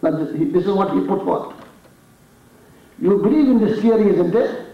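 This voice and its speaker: In a mosque hall, a man with an Indian accent preaches a sermon, telling a story dramatically and raising his voice for the challenges. His high voice is expressive, at a moderate pace with long pauses, and the recording from a distant mic sounds dull and echoey.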